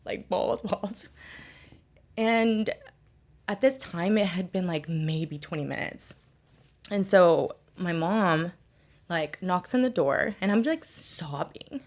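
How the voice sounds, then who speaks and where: Young woman guest, slightly low-pitched, candid storyteller who says "like" a lot. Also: expressive, slow pace, a little mellow. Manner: candid, heavy use of "like" fillers. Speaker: podcast guest. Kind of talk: personal storytelling in conversation.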